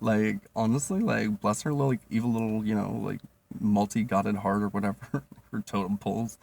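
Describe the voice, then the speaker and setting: Man, 30s, low gravelly voice, profane casual storyteller. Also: brisk. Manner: profane, animated, lots of fillers.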